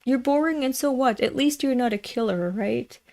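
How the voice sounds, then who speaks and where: A woman's voice: sits high, moderate pace, mellow. A woman host chatting casually during a manga read-along, rambling off on tangents, swearing freely and talking to her viewers. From Europe. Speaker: manga reader and channel host.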